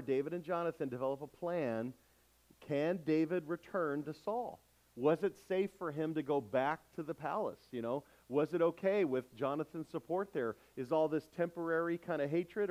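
A man's voice: fairly high pitch, a little mellow, rough recording. A male pastor delivering a sermon, emphatic and calling out questions to his congregation.

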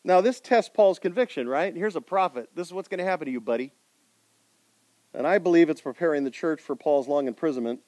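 A man preaching a sermon, putting rhetorical questions to his congregation and swinging between loud emphasis and quiet intensity. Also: on the high side, expressive, brisk, no echo. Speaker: pastor.

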